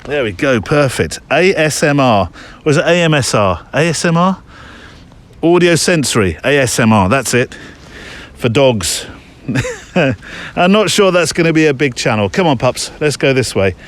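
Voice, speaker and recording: A man's voice: medium pitch, sing-song, normal speed. A man hosting his show in a casual, rambling monologue while out on a muddy countryside walk, chatting and joking with his dog between thoughts. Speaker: podcast host.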